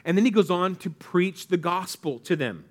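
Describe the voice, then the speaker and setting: A man preaching a sermon in a relaxed, conversational way, asking the congregation questions and acting out quoted lines. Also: high voice, moderate pace. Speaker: pastor.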